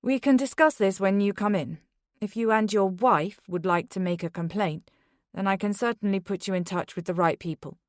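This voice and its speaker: Woman doing a brisk, officious detective. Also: medium pitch, no echo, clean studio sound, lightly acted. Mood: formal. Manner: formal, clipped.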